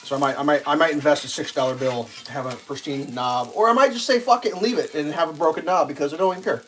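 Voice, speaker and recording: A man with a slightly high voice talks at a quick pace while cooking in his home kitchen during a live stream. He wanders casually through a story, swearing without restraint and mimicking what others said by raising his voice.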